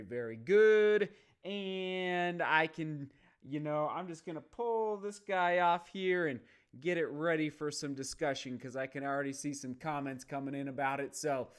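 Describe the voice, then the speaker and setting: Upbeat man hosting a running live stream. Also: fairly high pitch. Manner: upbeat, chatty, reads viewer comments aloud. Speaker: running channel host. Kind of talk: live stream chat, reading comments.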